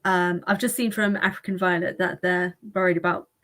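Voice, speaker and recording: A woman's voice: on the low side, fairly even intonation, brisk, a bit bright. A woman hosting a casual livestream chat, rambling and laughing often. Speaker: livestream host.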